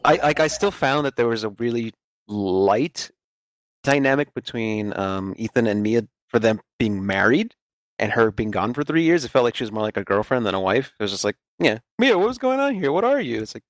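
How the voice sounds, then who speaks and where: A woman's voice: extremely low pitch, moderate pace, no room sound. A woman hosting a casual game podcast, easygoing and steering the talk. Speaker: podcast host.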